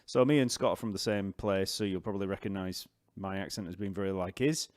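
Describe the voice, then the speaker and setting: A man with a Yorkshire accent, a bass teacher chatting casually on a live stream, rambling and reading out viewer comments. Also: a little fast, a little mellow, no echo, clean studio sound. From Yorkshire, northern England.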